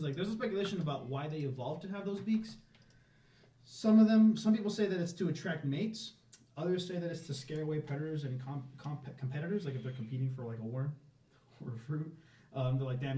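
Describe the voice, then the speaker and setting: A man's voice: fairly high pitch, warm tone, far from the mic. Rambling man, echoey room. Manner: rambling, laughs often, swears casually. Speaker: podcast co-host. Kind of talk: casual chat.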